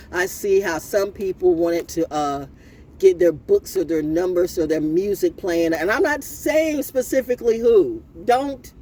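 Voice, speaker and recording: A middle-aged woman rants at length, her pitch leaping up and down as she swears and breaks into laughter. Faint noise sits behind her voice. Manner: animated and profane, laughing often. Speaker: vlogger. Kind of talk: unscripted ranting monologue.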